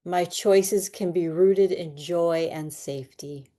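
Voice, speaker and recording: Soothing low-voiced woman guiding tapping. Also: mellow. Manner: slow, soothing, repeats affirmations for listeners to echo. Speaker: tapping and meditation guide. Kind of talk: guided EFT tapping with affirmations.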